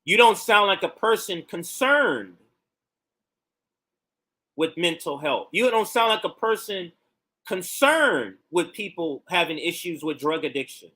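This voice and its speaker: High, bright-voiced man arguing his point. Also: animated, unhurried. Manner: argumentative, pointed rhetorical questions. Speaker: political commentary host. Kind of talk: livestream commentary reacting to clips.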